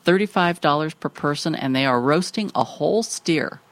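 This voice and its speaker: A woman's voice: low voice, animated, moderate pace, no room sound. A woman co-hosting a casual chat, reading event listings and teasing her partner, laughing easily. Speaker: co-host.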